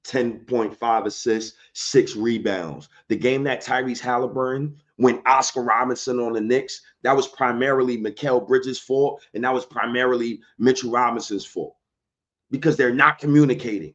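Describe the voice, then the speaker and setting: A man hosting his own sports podcast launches into a fired-up, slangy rant. His voice is bright and forceful, and the recording sounds dull and lo-fi. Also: mid-range voice, normal speed. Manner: heated, fired-up, slangy and emphatic.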